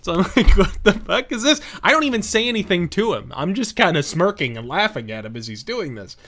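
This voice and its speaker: A man as host telling a profane, animated story with laughter while playing a game. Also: high-pitched, fast talker. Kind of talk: casual storytelling while gaming.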